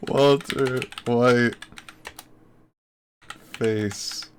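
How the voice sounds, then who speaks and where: A man's voice: medium pitch, steady tone, drawn-out words, a little hiss or hum. A man streaming live, mocking a video in casual commentary and laughing often.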